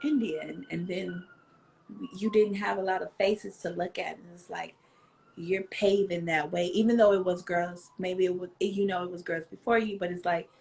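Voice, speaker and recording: A woman hosting a casual interview, gushing and bubbly, quick to laugh. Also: on the low side, fairly even intonation, creaky, a little mellow, low-quality recording. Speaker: interview host.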